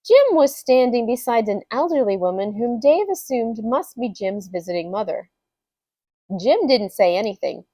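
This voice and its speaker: A woman reading a funny story aloud as a storyteller, with an expressive, unhurried delivery. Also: fairly high pitch, no echo.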